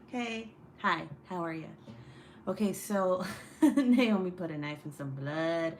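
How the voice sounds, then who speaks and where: A woman's voice: lowish voice, unhurried. Young woman, livestream host, chatty, swears a lot, reads chat, home room, faint hiss. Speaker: true crime livestream host. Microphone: desk setup, phone or webcam.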